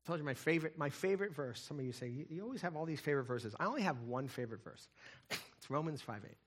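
A middle-aged man preaching a sermon, telling stories and swinging between loud emphatic lines and hushed, quiet ones. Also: a little high, animated, quick pace. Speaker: pastor.

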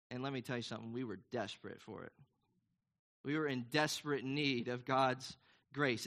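A man's voice: medium pitch, a bit bright. A man preaching a sermon in an earnest, emphatic, conversational way, asking the congregation questions. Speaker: pastor.

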